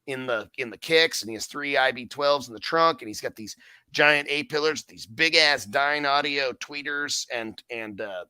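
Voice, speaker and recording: A man's voice: medium pitch, moderate pace, clean tone, no room sound. A man telling stories in a casual podcast chat, swearing freely and acting out what he and others said. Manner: profane, animated storyteller who acts out his own quotes.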